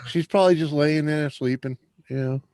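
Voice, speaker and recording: A man chatting casually on a live stream, laid-back and giving quick short replies. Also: on the high side, a little mellow, no room sound.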